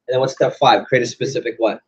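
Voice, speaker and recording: Husky man quizzing a training class. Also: medium pitch, fairly even intonation, quick pace, dull audio. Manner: quizzes audience, acts out examples. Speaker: sales trainer. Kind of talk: interactive training lecture. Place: training room with group.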